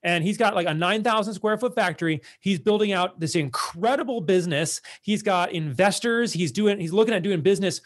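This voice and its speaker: A man with a fairly high voice delivers a blunt, exasperated monologue to his online followers. His talk is loose and full of fillers, yet he comes down firmly on each point. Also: brisk, few pauses. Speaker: online content creator.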